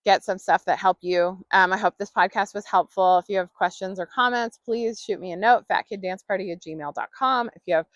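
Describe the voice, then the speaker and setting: A woman's voice: mid-range voice, fairly even intonation, brisk, hardly any pauses, no room sound, muffled recording. A woman hosting her own podcast, talking casually and rambling with lots of fillers. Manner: chatty, rambling, many fillers and laughs. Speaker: podcast host. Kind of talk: casual solo podcast monologue.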